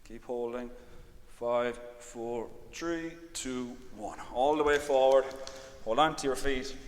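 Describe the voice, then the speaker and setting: A man leading an exercise class, calmly cueing breaths and counting reps, with "all right" again and again. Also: medium pitch, takes it slowly. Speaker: exercise instructor. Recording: long reverb, faint background noise.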